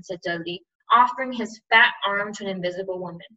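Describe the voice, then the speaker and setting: A woman's voice: lowish voice, fairly even intonation, normal speed, hardly any pauses, sharp tone, recorded from a distance, dull audio. A woman teacher reading a novel aloud, then explaining it to her class in a casual, chatty way.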